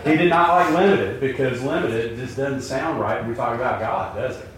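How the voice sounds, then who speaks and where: A man teaching a Bible class in a relaxed, conversational way, with many fillers and jokes, asking the students questions. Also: medium pitch, moderate pace, background noise. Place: room with class present. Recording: very echoey room, mic at a distance.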